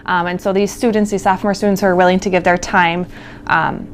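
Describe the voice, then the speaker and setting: A woman's voice: fairly low pitch, fairly even intonation, fast, a little hiss or hum. A woman describing a school volunteer program in an interview, casual and hesitant with frequent ums.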